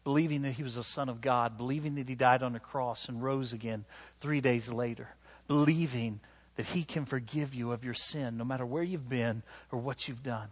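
A male pastor preaching with a slightly husky voice. He tells a story against himself with lively, animated delivery and acts out quotes, then moves into an earnest invitation to prayer. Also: medium pitch, normal speed, few pauses. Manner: animated, self-deprecating storytelling with acted-out quotes. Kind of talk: sermon.

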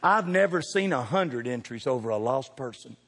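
A man preaching a humorous storytelling sermon, animated and jokey, swinging from hushed asides to loud calls. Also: medium pitch, normal speed. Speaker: pastor. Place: church sanctuary with congregation. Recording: long hall reverb.

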